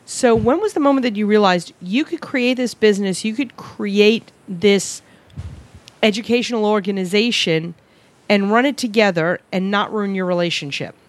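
A woman's voice: medium pitch, normal speed. A woman hosting an interview, chatty and joking, rambling through her questions. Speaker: interview host. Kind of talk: casual interview chat.

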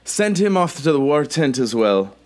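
A woman's voice: deep voice, very animated, normal speed, pitched above the performer's own voice. A man voicing a fiery, tall, red-haired female military officer who barks orders. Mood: commanding.

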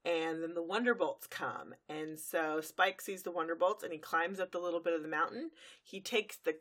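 A woman's voice: lowish voice, fairly even intonation, moderate pace, fairly bright tone. A woman co-hosting a casual chat, narrating a cartoon episode's plot in long run-on sentences with fillers. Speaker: podcast co-host recapping an episode.

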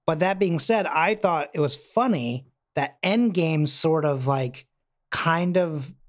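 A man's voice: fairly high pitch, slow. A man co-hosting a casual podcast chat about comics, talking loosely and acting out quotes in put-on voices. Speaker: podcast co-host.

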